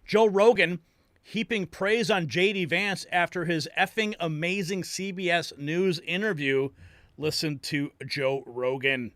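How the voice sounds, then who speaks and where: A man hosting a news commentary stream, his voice pitched a little high and recorded bone-dry and close. He talks emphatically, with excited outbursts and sarcastic asides. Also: a little slow, dry recording. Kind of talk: energetic political commentary.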